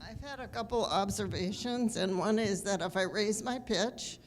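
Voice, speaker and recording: A woman's voice: mid-range voice, normal speed. A woman audience member describing her own experience in a conversational way. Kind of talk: asking a question from the floor.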